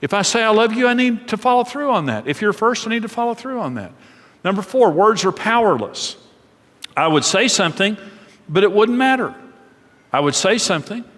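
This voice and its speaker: A middle-aged man preaching a sermon as pastor, earnest and preacherly, drawing out key phrases slowly. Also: sits high, big pitch swings, fairly bright tone. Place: church auditorium. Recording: long reverb of a large hall.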